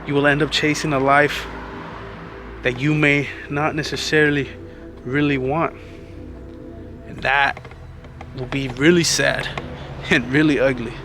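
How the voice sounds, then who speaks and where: A man giving earnest, casual motivational advice in a vlog, a little out of breath, talking like a friend and calling the listener "man". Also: medium pitch. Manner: earnest, conversational, says "man" often. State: slightly out of breath. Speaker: vlogger.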